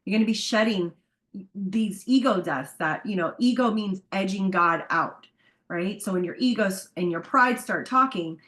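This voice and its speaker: Woman co-host, enthusiastic and emphatic, medium pitch. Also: normal speed, a bit bright. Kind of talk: casual chat on a community call.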